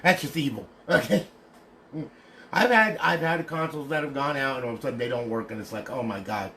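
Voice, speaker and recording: A man's voice: mid-range voice, brisk, bright, forceful tone, slight background noise. A man selling and demonstrating modded consoles on a casual livestream, talking bluntly, ranting, and asking "okay?" after nearly every point. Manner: swears casually.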